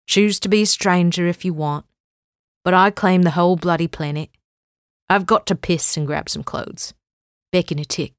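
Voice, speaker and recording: A woman's voice: on the low side, fairly even intonation, moderate pace, no room sound, studio quality, lightly acted. A woman playing a brash, cocky older man. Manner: blunt, cocky, swearing. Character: brash, crude older man, fit and sunburnt.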